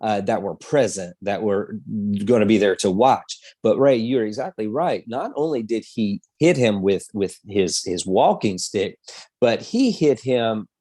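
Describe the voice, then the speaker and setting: A man's voice: lowish voice, expressive, unhurried, mellow, no echo. A man co-hosting a history podcast, telling the story in a casual, rambling way with many fillers. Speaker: podcast co-host.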